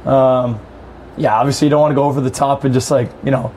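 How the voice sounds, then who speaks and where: A man's voice: medium pitch, steady tone, fast, a little mellow, a little hiss or hum. A man, a pro hockey player on a podcast, easygoing and rambling, with lots of "like" and "you know". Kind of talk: casual podcast chat.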